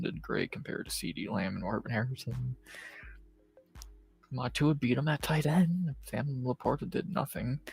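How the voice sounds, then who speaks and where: A stream host recaps his fantasy football league in a low, laid-back monotone with vocal fry, swearing a lot along the way. He's recorded on a close-mic streaming setup.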